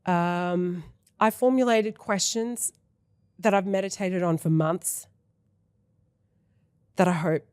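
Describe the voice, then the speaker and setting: A woman's voice: lowish voice, fairly even intonation, takes it slowly, long pauses, darkish tone, clear, resonant tone, no room sound. A woman in her thirties hosting a podcast in a studio, talking in an effusive, emotional way with casual swearing. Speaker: podcast host. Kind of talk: casual interview chat.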